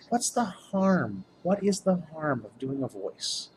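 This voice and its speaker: Tired guy gm rambling thru player tips, mid-pitched voice, chatty and upbeat. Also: expressive, normal speed, darkish tone, slight background noise. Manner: rambling, self-interrupting, upbeat. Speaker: game master giving tips. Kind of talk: casual talk to camera.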